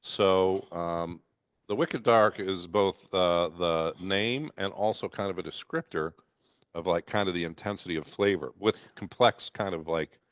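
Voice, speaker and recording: A man, a distiller guest on a radio show, explaining in a measured, hesitant way. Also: low-pitched, fairly bright tone, dry recording, studio quality. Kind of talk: casual radio chat.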